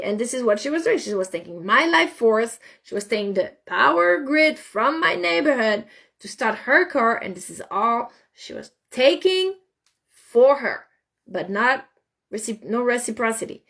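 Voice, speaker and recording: A woman telling a story in casual talk, animated, often repeating and restarting words. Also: a little high, moderate pace.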